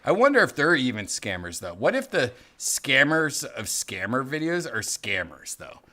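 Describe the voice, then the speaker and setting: A man's voice: mid-range voice, very animated, moderate pace, sharp tone. A man hosting a casual podcast chat, rambling and acting out quotes in funny voices. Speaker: podcast host.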